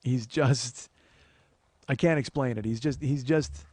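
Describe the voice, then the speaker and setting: A man's voice: mid-range voice, steady tone, a little slow, warm tone, no room sound. A man hosting a podcast, telling a personal story in a profane, emphatic way with frequent restarts. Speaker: podcast host.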